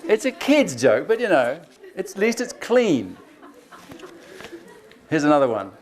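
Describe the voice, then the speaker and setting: A man giving a chatty, joking talk to a room of teachers, acting out kids' jokes in quick little voices. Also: fairly high pitch, very animated, slight background noise. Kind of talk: lively conference talk to teachers. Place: lecture hall.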